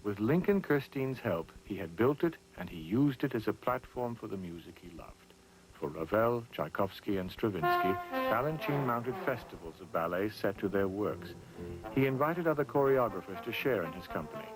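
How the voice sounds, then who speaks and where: A man with a lowish voice narrates a documentary in a measured, even way. Music plays behind his voice throughout. The delivery is scripted and steady. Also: poor audio.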